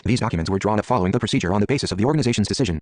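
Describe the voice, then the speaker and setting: A man's voice: on the low side, racing, no echo, clean studio sound, lightly acted. A man's synthetic text-to-speech voice reading an anxious, cautious male political worker who raises worried objections.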